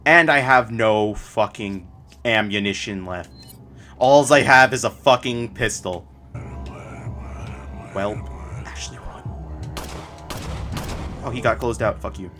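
A man with a fairly low voice talks through a gameplay session, cursing and blurting out reactions as he goes. Faint game music sits behind him. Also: slow, long pauses, sharp tone. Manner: swears often, blurts out reactions. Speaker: gameplay streamer. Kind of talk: profane casual gameplay commentary.

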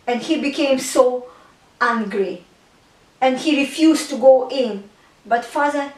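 A woman's voice: high-pitched, darkish tone, recorded from a distance. A woman retelling a Bible parable in an earnest, storytelling way, with non-native grammar. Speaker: Christian artist and speaker. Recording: echoey room, speaker away from mic.

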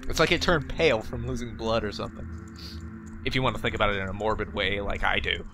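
A young man talks fast in a fairly low, fairly even voice while giving jokey let's play commentary. He swears sometimes and answers the game directly, captured by a facecam desk mic over game music.

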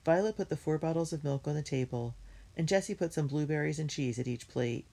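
A woman reading a children's storybook aloud in a steady, clear storytelling manner. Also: sits low, brisk. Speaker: reader.

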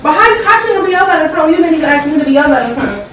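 A young pregnant woman at home, quick and insistent as she questions her partner. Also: high voice, animated, fairly bright tone, slight background noise. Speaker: vlog co-host. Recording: echoey room, mic at a distance.

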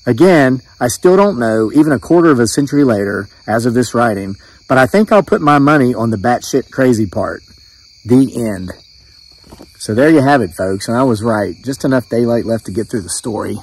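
A man tells a true story from his own past in a plain, unhurried voice of ordinary pitch. He reads like a storyteller and speaks directly to the listener. Crickets chirp behind him outdoors at dusk. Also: lively intonation, rough recording. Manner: plain-spoken, conversational with occasional fillers. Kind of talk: storytelling read-aloud.

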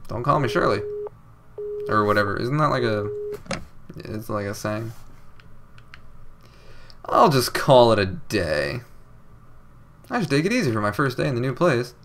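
A man's voice: medium pitch, sing-song, a little slow, pauses often, noisy background. A young man doing casual let's play commentary, reading game dialogue aloud with a sarcastic, jokey manner. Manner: sarcastic, jokey, reads game text with odd inflections.

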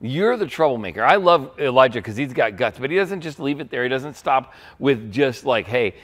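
A man, a pastor, preaching a sermon with animated storytelling, acting out quoted lines. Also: mid-range voice, moderate pace.

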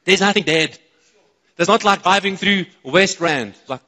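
A South African man delivers a sermon as pastor in a church auditorium, his fairly high voice echoing with long reverb. He speaks a little slowly but is excitable, tossing questions to the congregation.

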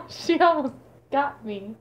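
A woman with a fairly high voice chats casually on her vlog at her grandmother's house. She talks at an unhurried pace and slips into cooing baby talk, playfully teasing her cat. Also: lively intonation, dull audio. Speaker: vlogger.

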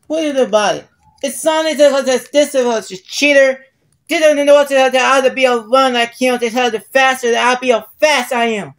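A woman's voice: high voice, steady tone, moderate pace. A woman voicing a hot-tempered, sulky character who rambles irritably in a fan-made toy video. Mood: frustrated.

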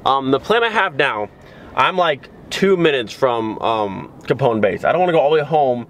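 A man's voice: mid-range voice, expressive, normal speed, a bit bright. A young man filming a casual car vlog, talking in a rambling, exasperated way with many filler words. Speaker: car vlogger.

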